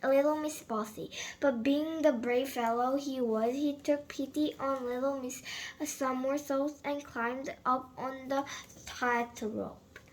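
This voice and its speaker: A woman reading a children's picture book aloud, halting and often slipping and restarting. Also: high-pitched, steady tone, a little hiss or hum, low-quality recording. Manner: halting, with frequent slips and restarts. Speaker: storyteller.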